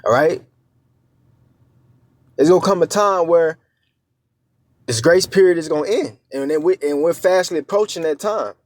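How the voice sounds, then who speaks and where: A man's voice: fairly high pitch, no room sound. Man preaching in a dry, close voice. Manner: conversational, checks in with frequent "all right?" and "man"; halting, with many fillers and restarts. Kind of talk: informal scripture teaching.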